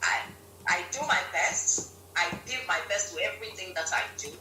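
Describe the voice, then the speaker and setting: A woman from Ghana, a guest on a live-stream interview, telling stories in an animated way and laughing often. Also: fairly low pitch, normal speed, music in the background. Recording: roomy, distant mic with faint hum.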